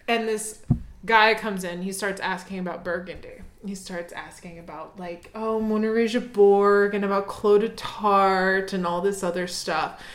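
A woman telling a casual, profane, animated story as a podcast guest, laughing often. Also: mid-range voice. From United States. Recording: echoey room.

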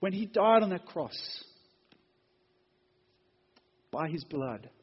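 A man preaching a sermon, reading scripture and expounding it, building to emphatic peaks and then dropping soft. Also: high-pitched, lively intonation, slow, breathy edge. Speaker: pastor. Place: church sanctuary. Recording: dull lo-fi sound in a reverberant hall.

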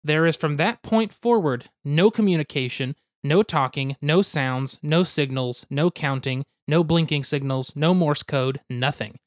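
A man's voice: a little high, a little slow, few pauses, no room sound, studio quality. A young man hosting a podcast, explaining a card game step by step with goofy asides and hedges. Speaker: podcast host explaining board games.

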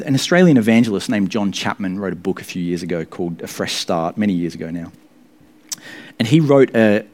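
A man's voice: on the low side, a little mellow. A man preaching a sermon in an earnest, emphatic way, with sudden rises in his voice.

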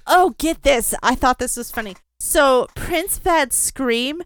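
A woman's voice: high-pitched, expressive, takes it slowly. A woman co-hosting a podcast, chatting casually about a film with fillers and swearing. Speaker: podcast co-host.

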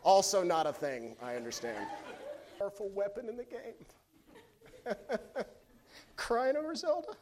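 A man with a high voice delivers a sermon at an unhurried, deliberate pace. He is a pastor in his thirties who tells a lighthearted story, acts out the quotes, and then builds to fervent preaching. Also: expressive, background noise.

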